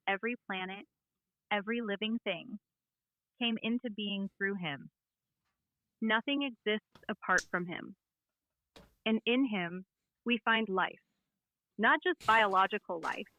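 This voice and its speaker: An AI voice assistant with a woman's smooth synthetic voice, delivering a simulated sermon clearly and with conviction. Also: mid-range voice. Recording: tinny phone speaker playback.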